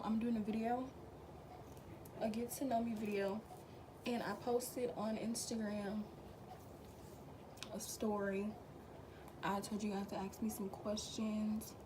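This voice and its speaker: A young woman with a slightly raspy just-woke-up voice, chatting casually to viewers through a makeup tutorial at home. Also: medium pitch, noisy background. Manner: chatty, relaxed, talks to viewers as friends. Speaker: beauty vlogger.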